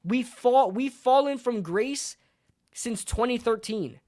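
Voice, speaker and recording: A man's voice: very high voice, slow pace, darkish tone. Man ranting passionately about sports. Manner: passionate, repetitive, argumentative. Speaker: sports channel host. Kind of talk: sports opinion rant.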